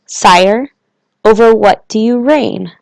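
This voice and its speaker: A woman's voice: fairly high pitch, slow, vocal fry. A woman voicing a timid, curious young prince in a storybook, asking questions hesitantly. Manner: timid, wondering. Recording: long reverb.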